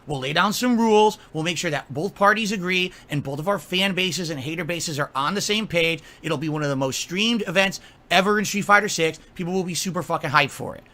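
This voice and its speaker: A man's voice: high-pitched, a little fast, few pauses, sharp tone. A man delivering an angry, profane rant, scolding and mocking someone at length. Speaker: streamer.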